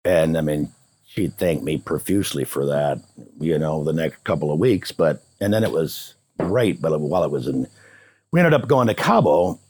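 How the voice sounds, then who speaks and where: A man's voice: rumbling low, animated, normal speed, darkish tone, no echo. A man, an interview guest, casually telling a personal story and acting out both sides of the remembered dialogue.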